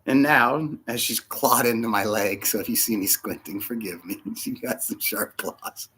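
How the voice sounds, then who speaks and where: A man preaching a casual sermon, short of breath with fluid in his lungs, animated and laughing often between soft asides. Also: on the low side, moderate pace, breathy edge. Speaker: pastor.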